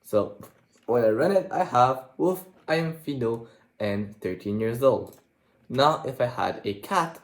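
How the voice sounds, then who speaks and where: Man reading code aloud while typing. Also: mid-range voice. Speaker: programming tutor. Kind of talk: screen-recorded coding tutorial. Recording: echoey room with faint typing noise. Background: keyboard typing.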